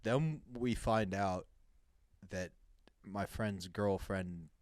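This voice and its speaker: A man's voice: fairly low pitch, extremely slow, darkish tone, no echo, clean studio sound. A man co-hosting a casual comedy podcast, reacting with big laughs and telling rambling stories. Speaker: podcast co-host.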